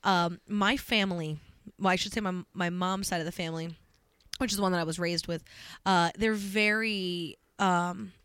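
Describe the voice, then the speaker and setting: A woman's voice: lowish voice, fairly even intonation, normal speed, a bit bright, smooth, no room sound. A woman co-hosting a podcast who chats in a rambling, giggly way with many fillers. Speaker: podcast co-host. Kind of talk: casual chat.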